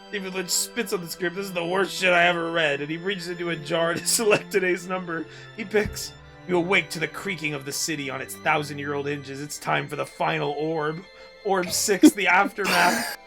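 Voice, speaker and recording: Creaky-voiced man reading a game story. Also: on the high side, moderate pace, music in the background. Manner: reads story text aloud in a loose, comic way. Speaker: streamer and game narrator. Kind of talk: narrating a text adventure game with friends.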